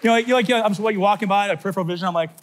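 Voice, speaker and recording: A middle-aged man giving an animated faith talk at a youth conference, telling stories with sudden shouts and soft asides. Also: high voice, very fast. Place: large conference hall.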